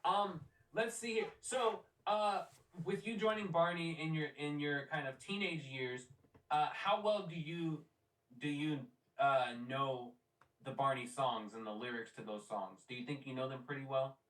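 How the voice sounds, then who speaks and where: A man's voice: a little high, unhurried, a bit bright. Guy hosting a podcast, hesitant and thoughtful, sounds far off in an echoey room. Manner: thoughtful, hesitant, repeats words. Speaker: podcast host. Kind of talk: casual podcast interview. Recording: roomy, distant from the mic.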